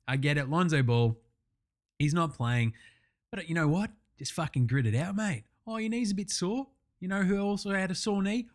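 A man's voice: high voice, fairly bright tone. A man with an Australian accent hosting a basketball podcast, ranting brashly and swearing constantly in a jokey way. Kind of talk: profane comedic sports rant.

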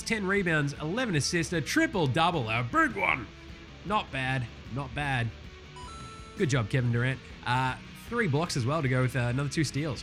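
A man with an Australian accent hosting a casual sports recap, swearing freely, ranting and sarcastic. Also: mid-range voice. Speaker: sports podcast host.

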